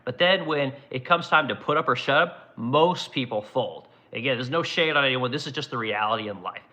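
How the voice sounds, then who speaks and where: Bright-voiced ranting man host. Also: mid-range voice, expressive, a little fast. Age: adult, runs business ten years. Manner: blunt, ranting, heavy swearing. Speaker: show host reading viewer comments. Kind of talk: casual profane commentary.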